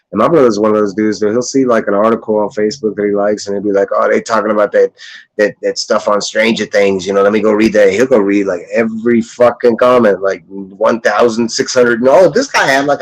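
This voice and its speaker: Deep-voiced man, rambling casual chat. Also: low-quality recording. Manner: rambling, profane, laughs often, mimics others in high voices. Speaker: comic collector vlogger.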